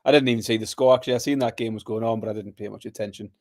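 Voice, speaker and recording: A man's voice: mid-range voice, fairly even intonation, very fast, darkish tone, no room sound. A man co-hosting a podcast, answering in a laid-back, dry way. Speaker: podcast co-host. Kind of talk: casual podcast chat.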